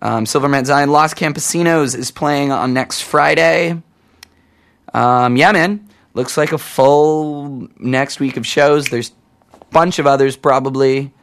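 A young man hosting a college radio show, chatting casually between tracks. He rambles, pokes fun at himself and fills his pauses with lots of ums. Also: fairly high pitch, fairly even intonation, a bit bright. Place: radio studio.

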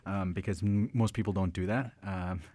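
Low-voiced, teasing man. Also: fairly even intonation, moderate pace, dark tone, no room sound, studio quality. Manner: playful, teasing, stumbles over words. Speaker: podcast co-host. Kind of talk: casual conversational chat.

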